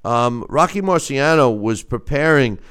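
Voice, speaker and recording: A man hosting a casual sports talk show, speaking animatedly and wryly, with halting fillers. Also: medium pitch, lively intonation, fairly bright tone, smooth. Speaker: host. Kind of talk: casual sports radio chat.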